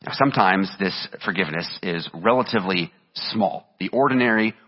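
Pastor guy preaching, kinda low husky voice, long echo in a big church room. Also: normal speed, lo-fi sound. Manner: earnest preaching, reading scripture aloud with emphasis. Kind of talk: sermon.

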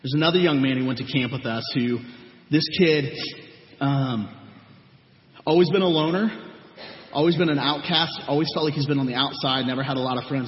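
Man telling stories in an echoey hall. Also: mid-range voice. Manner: earnest storytelling, acts out quoted people. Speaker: youth ministry leader. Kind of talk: testimony talk to a gathering. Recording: echoey hall, dull lo-fi sound.

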